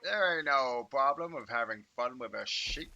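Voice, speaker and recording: A man hosting a game stream, giving excitable, shouty commentary with playful trash talk. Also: medium pitch, moderate pace, vocal fry, lo-fi sound, slight background noise. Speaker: gaming host. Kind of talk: live gameplay commentary.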